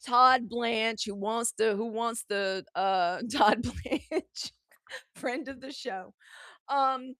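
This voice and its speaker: A woman's voice: on the high side, drawn-out words, fairly bright tone, no echo, clean studio sound. A woman hosting a live news commentary show. She talks casually and bluntly, with profanity, and speaks straight to her viewers. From United States.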